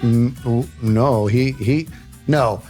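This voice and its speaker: Man, livestream storyteller, casual, animated, acts out quotes, mid pitch. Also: slow, soft background music. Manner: animated, says "dude" and "bro" often, acts out quotes. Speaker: streamer telling a story.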